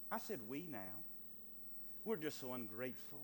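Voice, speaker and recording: A middle-aged man preaching a fervent, animated sermon, piling up emphatic repeated phrases. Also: medium pitch, normal speed. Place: church sanctuary. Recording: long reverb of a church hall, faint hum.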